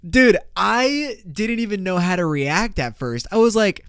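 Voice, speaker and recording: A young man hosting a casual solo podcast, loose, excitable and full of swearing. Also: high-pitched, slow pace, pauses often, clean tone, no echo, clean studio sound. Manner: loose, profane, excitable, laughs a lot. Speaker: podcast host.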